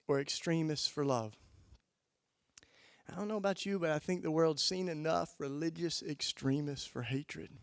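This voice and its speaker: A man giving an impassioned keynote sermon, telling stories and building to loud emphatic peaks before dropping low and quiet. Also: dry recording, studio quality. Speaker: keynote speaker. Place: conference hall.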